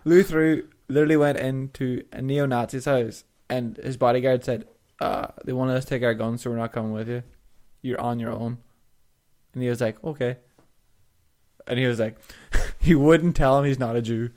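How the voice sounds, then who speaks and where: A man's voice: mid-range voice, steady tone, moderate pace, a little mellow. A man co-hosting a podcast in casual chat, teasing his friend, swearing and laughing often. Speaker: podcast co-host.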